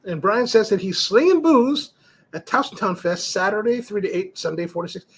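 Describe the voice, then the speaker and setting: A middle-aged man hosts a casual live stream, talking loosely and circling back on himself as he tells a story. His voice is gravelly and a little husky, and his pitch sits on the high side with lots of rise and fall. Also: expressive, moderate pace. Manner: rambling, storytelling, frequent restarts and fillers. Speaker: cigar livestream host. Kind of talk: casual live-stream chat reading viewer comments.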